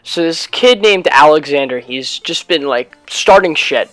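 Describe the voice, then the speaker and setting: Teen male vlogger, slightly high voice, loose rambling delivery full of fillers and cursing. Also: expressive, unhurried, fairly bright tone, no room sound, faint music behind. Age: late teens, high school student. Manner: rambling, heavy use of "like" fillers, casual swearing. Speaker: YouTube gaming vlogger. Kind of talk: casual storytelling vlog.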